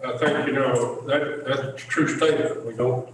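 Class member talking from across a big echoey room, hesitant. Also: male voice, medium pitch, steady tone, normal speed, distant mic, noisy background. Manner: hesitant, restarts his sentences. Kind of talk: class discussion comment.

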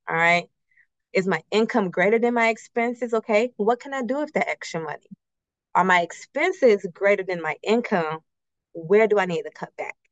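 A woman's voice: medium pitch, dry recording. A woman from a credit union presenting a casual workshop on budgeting with slides. She talks conversationally, uses everyday personal examples, and keeps checking in with "right?" and rhetorical questions. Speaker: credit union financial educator. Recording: slightly muffled, dry recording.

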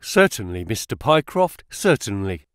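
A man voicing a terrified male office manager who speaks fast with strained politeness. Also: on the low side, very animated, fairly bright tone, smooth, no room sound, studio quality. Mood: nervous. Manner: hurried, nervous, strained politeness.

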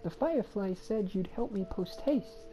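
A woman's voice: medium pitch, animated, normal speed, over music, voice pushed up, lightly acted. A woman voicing a proud, impatient young princess in firm, formal speech. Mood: insistent.

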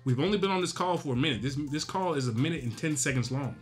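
A man's voice: a little high, expressive, quick pace, faint music behind. A man hosting a real estate coaching video, talking straight to the point and punctuating his points with tag questions. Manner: direct, emphatic, frequent "right?" tag questions. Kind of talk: casual instructional talk.

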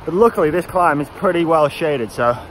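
A man's voice: on the high side, expressive, fairly quick, a little hiss or hum, rough recording. A young man chatting casually to camera as he vlogs a cycling trip outdoors on a mountain road, joking and teasing his friend. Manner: chatty and jokey, loud whoops while riding. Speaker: cycling vlogger. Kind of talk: casual vlog chat.

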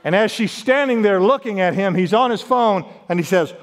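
Male pastor, high voice, dynamic sermon delivery, long church-hall reverb. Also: moderate pace, slight background noise. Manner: preaching with sharp swings in pitch and volume, quotes scripture. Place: church sanctuary.

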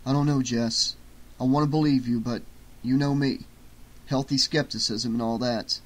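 A man's voice: medium pitch, steady tone, normal speed, close to an everyday voice. A man voicing a dry, offhand young man. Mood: wry. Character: laid-back young man, dry and wry.

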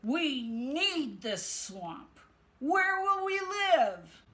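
Haughty storybook swamp creatures, read by a woman: whiny, bright, drawn-out. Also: fairly high pitch, big pitch swings, full character voice. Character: snobby offended swamp creatures.

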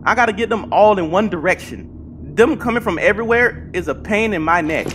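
A young adult gaming channel host giving horror gameplay commentary, talking to themself, muttering low and then bursting into panicked yelling and swearing. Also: fairly quick, noisy background.

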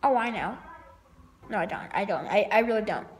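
A woman's voice: medium pitch, expressive, brisk, slight background noise. A woman vlogger rambling unscripted to the camera, jumpy, playful and self-mocking. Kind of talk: unscripted vlog chat.

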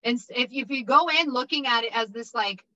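High, bright upbeat woman instructor. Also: a little fast, muffled recording. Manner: upbeat, repetitive, checks in with 'okay?'. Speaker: insurance exam prep instructor. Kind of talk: casual motivational teaching.

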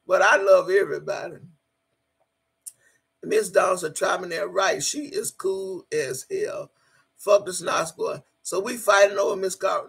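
A woman's voice: medium pitch, gravelly, fairly bright tone, slightly rough. A middle-aged woman hosting a casual livestream, reading out the chat and talking straight to viewers, emotional and swearing freely.

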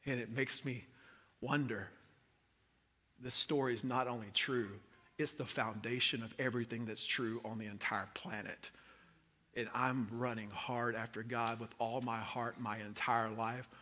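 A man preaching a sermon as a pastor, swinging from hushed tones to impassioned shouting. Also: mid-range voice, fairly even intonation, unhurried. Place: large church hall. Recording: long hall reverb.

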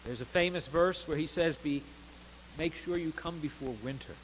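A man preaching a sermon as pastor of a church, earnest, rising to stressed words and dropping softly between them. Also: on the high side, normal speed, slight background noise, low-quality recording. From United States. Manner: earnest preaching with swells of emphasis and soft drops. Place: church sanctuary.

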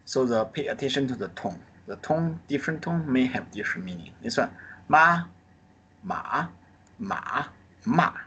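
A man's voice: mid-range voice, animated, fairly quick, hardly any pauses, husky. A man with a Chinese accent teaching a live online Mandarin class. He drills pinyin sounds and tones, and his English phrasing is non-native. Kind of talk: live online group lesson. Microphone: video call.

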